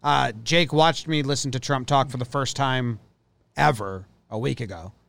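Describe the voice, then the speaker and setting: A man co-hosting a casual sports podcast, telling stories quickly and loosely, with lots of "like". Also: mid-range voice, gravelly, fairly bright tone. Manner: quick, loose storytelling with many likes. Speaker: podcast co-host.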